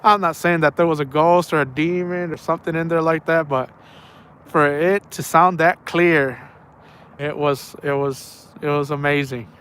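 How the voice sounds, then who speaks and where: A man's voice: a little high, steady tone, normal speed, a bit bright, clean tone. A man telling a story casually outdoors at night. He rambles and repeats himself and drops slang like "man" and "bro". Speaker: angler telling stories on a night fishing trip.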